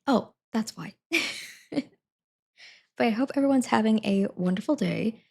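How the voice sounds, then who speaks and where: A woman's voice: a little high, animated, takes it slowly, vocal fry, pauses often, breathy edge. A young woman streaming live from her desk at home, chatting to viewers in a rambling way and laughing often. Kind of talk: casual chat to viewers.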